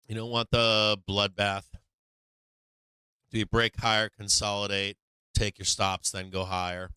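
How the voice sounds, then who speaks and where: A man chatting on a market livestream, rambling with frequent fillers and restarts. His low voice is bright and smooth, recorded dry and close. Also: dry recording. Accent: none, dropped his Boston accent. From Boston. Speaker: stock market livestream host. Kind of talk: casual livestream chat.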